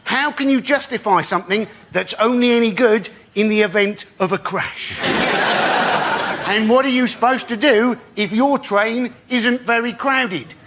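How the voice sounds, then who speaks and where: A man's voice: very high-pitched, a little slow, noisy background. A man delivering sarcastic stand-up on a panel show, full of rhetorical questions. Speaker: comedian panelist.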